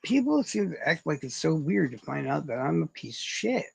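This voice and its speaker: A man's voice: on the high side, big pitch swings, normal speed, gravelly, a little mellow, breathy edge, no room sound. A man hosting a casual livestream chat, rambling and swearing freely, and mocking himself as he talks to his viewers. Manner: rambling, profane, self-mocking. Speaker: livestream host.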